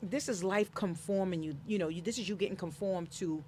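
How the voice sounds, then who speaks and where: A woman author in an interview, speaking in an animated, emphatic, motivational way and acting out the voices she quotes. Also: on the low side, brisk, slight background noise. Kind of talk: casual interview conversation.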